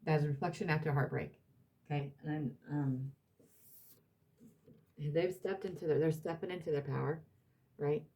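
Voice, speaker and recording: A woman's voice: low-pitched, steady tone, normal speed, long pauses, mellow. A woman reading tarot cards for her audience, emphatic and blunt, repeating herself and swearing now and then. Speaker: tarot reader.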